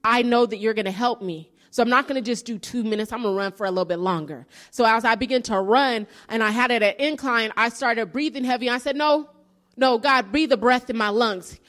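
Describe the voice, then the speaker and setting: A woman's voice: on the high side, a bit bright. A woman giving an earnest sermon-style testimony, telling her story and rising into preaching emphasis.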